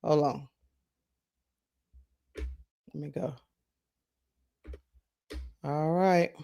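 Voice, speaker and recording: A man's voice: on the high side, fairly even intonation, drawn-out words, vocal fry, mellow. A man hosting a live sports talk stream, chatting casually, greeting viewers by name and thinking aloud.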